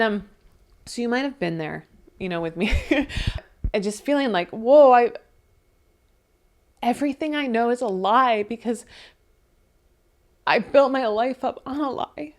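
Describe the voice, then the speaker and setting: A young woman talks through an astrology forecast in a loose, chatty way, leaning on "like" and "okay". Her voice sits at an ordinary middle pitch, and she gets emotional and close to tears. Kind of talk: casual astrology reading.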